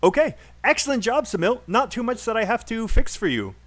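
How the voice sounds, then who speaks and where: A man's voice: very high voice, very animated, fairly quick, a bit bright. A man teaching English pronunciation in a live online class, encouraging and laughing often as he corrects students.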